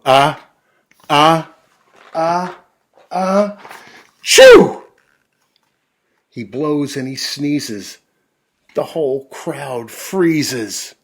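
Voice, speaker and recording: A man reading a children's picture book aloud in a gentle, drawn-out, expressive way, then chatting to the kids. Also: medium pitch, husky. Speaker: storyteller for children.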